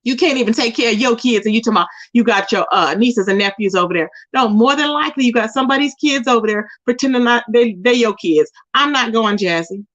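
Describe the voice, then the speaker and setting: A woman's voice: on the high side, fast talker, few pauses, fairly bright tone. A woman hosting her own commentary channel, ranting and scolding someone directly and repeating their name. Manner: scolding, confrontational, keeps repeating the target's name. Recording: dull lo-fi recording.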